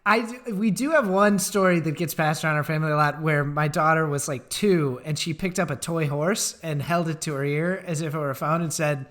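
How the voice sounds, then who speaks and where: A man's voice: a little high, fairly quick, hardly any pauses, a bit bright. A man co-hosting a podcast, chatting casually in a wry way and laughing often. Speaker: podcast co-host. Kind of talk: casual chat.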